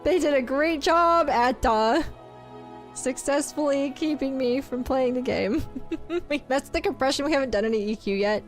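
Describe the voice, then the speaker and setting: A woman's voice: high-pitched, normal speed, soft background music. A woman streamer chatting casually with her viewers, giggling often and reading their messages aloud. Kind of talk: casual live-stream chat.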